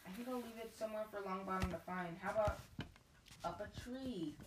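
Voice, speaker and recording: A woman voicing a spiteful, sneering schoolboy bully, quiet and slow, recorded in a roomy space from a distance. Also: medium pitch, lightly acted. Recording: roomy, distant mic, faint noise.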